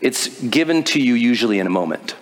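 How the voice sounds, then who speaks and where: A motivational speaker with a mid-range voice talks fast while telling a story to a live audience. He animates the tale by acting out the quoted voices, and the recording has long hall reverb.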